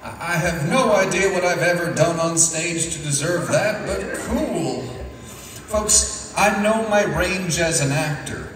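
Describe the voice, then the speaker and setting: A young man doing a self-deprecating stand-up comedy set with a deadpan delivery on stage. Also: on the high side, unhurried, a little hiss or hum. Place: stage in an echoey venue. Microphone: picked up from a distance. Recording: echoey hall from far off.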